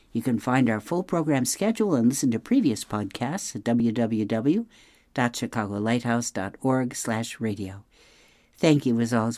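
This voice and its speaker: Reading a children's novel on the radio, a middle-aged woman with a very deep voice speaks expressively straight to the listener before signing off as the host.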